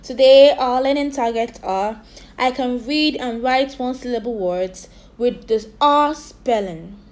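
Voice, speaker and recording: A woman English teacher leading a phonics lesson for young children, slowly sounding out and spelling words for them to repeat. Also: a little high. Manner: slow, drilled repetition of sounds and spellings.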